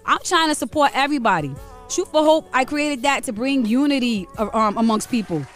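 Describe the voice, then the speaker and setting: A woman's voice: high voice, animated, brisk. A woman in her forties from Rhode Island, co-hosting a morning radio show in blunt, preachy, fiery casual talk. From Rhode Island, USA. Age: 40s. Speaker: radio co-host.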